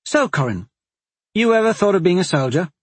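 A man voicing a hearty, teasing woman soldier in a fantasy audiobook, his voice raised and lively. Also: high-pitched, a little fast, breathy edge, no room sound, voice pushed up, full character voice. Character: gruff friendly woman soldier.

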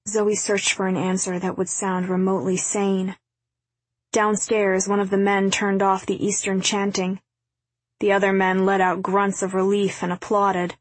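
A woman reading a novel aloud as narrator, in a quiet, even storytelling delivery. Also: medium pitch, a little slow, no room sound. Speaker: audiobook narrator. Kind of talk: scripted narration.

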